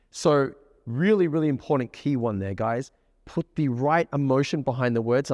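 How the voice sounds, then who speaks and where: A man with an Australian accent giving a lively presentation as a dating coach, acting out example voices. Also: medium pitch, big-room sound. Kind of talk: presentation to a group.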